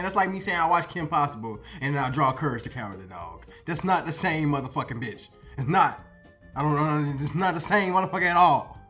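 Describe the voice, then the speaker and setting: Heated high-voiced man ranting. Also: fairly bright tone. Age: 30s. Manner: heated, swearing, laughing asides, slangy. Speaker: commentary host. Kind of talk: profane reaction commentary.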